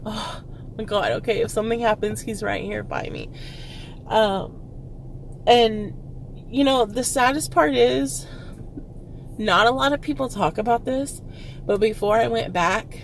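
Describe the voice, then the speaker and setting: A young woman from Texas, a vlogger, telling a personal story with halting fillers and nervous laughs, close to tears. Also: medium pitch, creaky, a little hiss or hum. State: tearful, close to crying.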